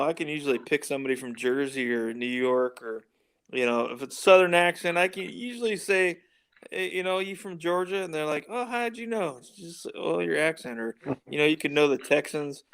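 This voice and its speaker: Man, gravelly voice, casual podcast host, rambling, laughs a lot. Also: on the high side, fairly bright tone. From United States. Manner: rambling, laughs often, drops into impressions. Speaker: show host.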